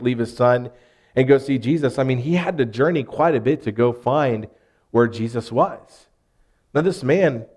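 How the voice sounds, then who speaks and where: A pastor in his thirties from Arkansas preaches a sermon with a Southern US accent, sounding earnest and conversational, with rising emphasis. His voice is medium-pitched and a little mellow.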